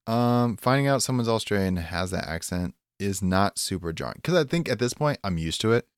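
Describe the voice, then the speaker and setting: Laid-back young man, lowish voice. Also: expressive, brisk, smooth, no room sound, clean studio sound. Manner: laid-back, uses "dude", trails off. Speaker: podcast co-host. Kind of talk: casual chat.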